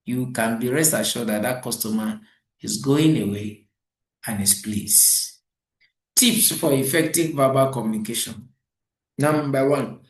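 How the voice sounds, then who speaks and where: A man's voice: medium pitch, measured pace, a little hiss or hum. Man teaching in an echoey room. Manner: animated storytelling, acts out quoted exchanges. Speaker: customer service trainer. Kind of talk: training lecture.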